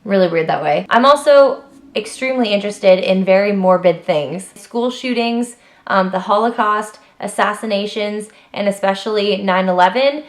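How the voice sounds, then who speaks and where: A chatty young woman talks straight to her camera, rattling through personal facts in an easy, unscripted way. Her voice sits at an ordinary middle pitch and leaps up when she gets worked up, with plenty of "like" and trailing asides. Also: moderate pace. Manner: chatty and animated, lots of fillers, jumps up in pitch when emphatic. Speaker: vlogger.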